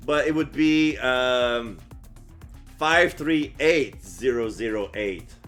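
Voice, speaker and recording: A man's voice: mid-range voice, slow, a bit bright, soft background music. A man streaming, reading a story game aloud with earnest, lightly wry narration. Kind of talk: reading a visual novel aloud.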